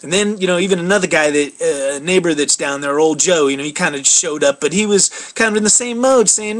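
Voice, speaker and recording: A man's voice: high voice, brisk, hardly any pauses, fairly bright tone. A man telling a story in a casual vlog, rambling with many fillers. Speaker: vlogger.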